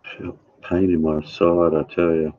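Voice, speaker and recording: A man's voice: low voice, little pitch movement, a little slow. A man chatting casually with his live viewers, rambling and calling out chatters by name, from home. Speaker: livestreamer. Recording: tinny phone-like sound.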